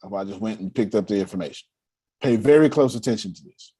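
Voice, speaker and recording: A man leading a motivational meeting on money and cash flow, animated and laughing as he acts out quotes. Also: fairly low pitch, quick pace, slightly rough. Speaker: finance coach leading a meeting. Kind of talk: motivational talk.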